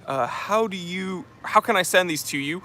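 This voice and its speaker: A man's voice: sits high, moderate pace, sharp tone, a little hiss or hum. A man from New Hampshire hosting a casual livestream outdoors, reading chat aloud in an affected posh English accent, joking and rambling with many fillers. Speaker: channel host reading live chat. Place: outdoors on a street. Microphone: phone on a handheld tripod.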